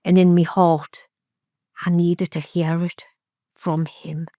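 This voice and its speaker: A middle-aged woman recounts painful family memories as an interview guest, her delivery candid and halting. Her voice sits fairly low for a woman. The sound is close and dry, with no room around it. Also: little pitch movement, warm tone, no room sound. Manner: candid, halting, with vivid re-enactments of remembered speech. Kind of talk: emotional personal testimony.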